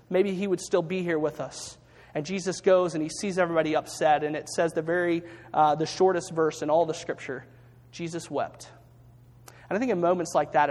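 A man preaching a sermon as pastor, earnest, often restarting and slowing down for emphasis. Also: fairly high pitch, darkish tone, long reverb tail.

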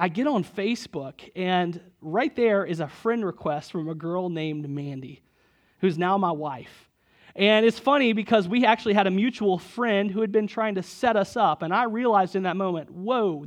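Young guy preaching, pretty high voice, tells stories and gets loud at the big parts. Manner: storytelling, builds to loud emphatic peaks. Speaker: pastor. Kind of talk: sermon.

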